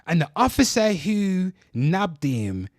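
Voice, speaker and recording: Man, livestream host, angry profane rant, keeps addressing viewers, fairly high voice, dry close sound. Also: sing-song, takes it slowly, dry recording.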